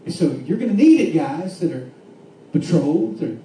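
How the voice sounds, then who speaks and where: A man preaching a sermon, swinging between fervent shouts and hushed, quiet stretches. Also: on the high side, sing-song, moderate pace. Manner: impassioned preaching with rising shouts and hushed drops. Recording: echoey room from far off with faint ambience.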